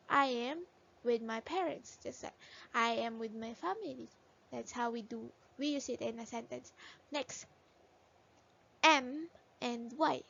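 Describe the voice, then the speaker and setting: A woman's voice: a little high, vocal fry, fairly bright tone. A woman teacher patiently sounding out letters and words in a phonics lesson for young children. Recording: dull lo-fi recording.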